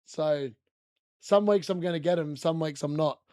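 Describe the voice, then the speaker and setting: A man giving chatty, excitable live commentary on a fantasy football watch-along stream, laughing often and correcting himself as he goes. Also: a little high, moderate pace, no echo, clean studio sound. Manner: corrects himself mid-sentence.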